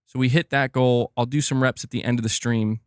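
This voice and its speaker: Gaming stream guy talking to chat, mid-pitched voice, dry close mic, no room sound. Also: fairly even intonation, fairly quick, clear, resonant tone, no echo. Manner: chatty, reads donations aloud, talks to chat directly. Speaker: gaming news livestream host. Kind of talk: casual livestream commentary.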